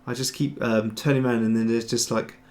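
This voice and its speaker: A man's voice: mid-range voice, steady tone, fairly quick, a little mellow. A man hosting a casual livestream tutorial, rambling and chatty as he answers viewer chat while he works. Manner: rambling, chatty, trails off and restarts. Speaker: host, 3D sculptor.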